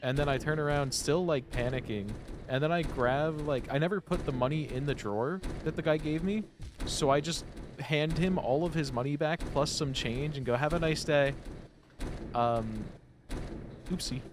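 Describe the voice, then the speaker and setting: A man's voice: on the high side, moderate pace, background noise. A young man streaming a game, telling stories in a rambling, profane way, full of "like". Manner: rambling, profane, heavy use of "like". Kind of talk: casual storytelling while playing a game.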